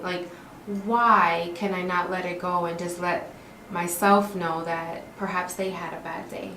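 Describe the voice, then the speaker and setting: Woman, middle-aged, slightly low voice, animated talkative guest, roomy echo. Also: measured pace, slight background noise. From Puerto Rican and Dominican background. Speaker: guest, author. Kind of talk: faith-based interview conversation.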